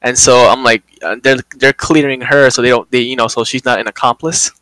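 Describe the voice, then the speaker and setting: A young man hosting a podcast, telling a work story in casual, animated chat, swearing a lot and acting out quotes. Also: mid-range voice, fairly quick, no echo, poor audio.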